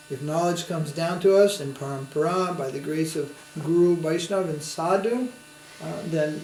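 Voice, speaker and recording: A man's voice: on the high side, a little mellow. Man giving a roomy spiritual talk. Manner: conversational, anecdotal, with tag questions. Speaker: swami lecturer. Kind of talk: spiritual lecture. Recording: roomy with faint hum.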